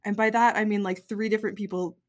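A woman co-hosting a casual podcast, bilingual and quick to explain herself. She talks in an earnest, animated way with a mid-range voice. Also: medium pitch. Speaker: podcast co-host.

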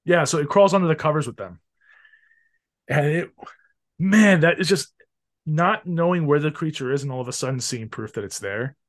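Excitable man, casual podcast chat. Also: fairly high pitch, moderate pace, long pauses. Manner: excitable, swears freely, trails off and restarts. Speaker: podcast host. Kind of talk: casual chat about a film.

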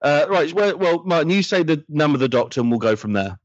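Guy hosting a podcast, joking around, pitch bouncing everywhere, dry dull sound. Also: quick pace, no room sound. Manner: animated, jokey storytelling. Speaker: podcast host. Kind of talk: casual podcast chat.

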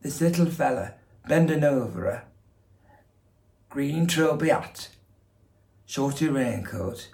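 Male actor as fussy middle-aged northern son, Northern English accent, gravelly, echoey room. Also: medium pitch, animated, takes it slowly, pauses often, darkish tone, voice pushed up. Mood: wry. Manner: wry storytelling monologue with quoted voices.

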